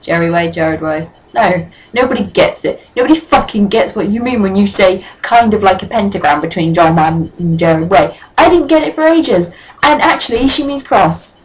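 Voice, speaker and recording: Woman reading a fanfic out loud and roasting it, sarcastic and sweary, deadpan jokes. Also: medium pitch, moderate pace, rough recording. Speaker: reader and commentator. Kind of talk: comedic dramatic reading with commentary.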